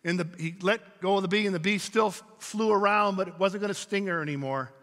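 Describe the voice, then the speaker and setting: This pastor preaches in a high, somewhat bright voice at a fairly quick pace, telling stories and calling out to his congregation. The church sanctuary gives the recording long hall reverb.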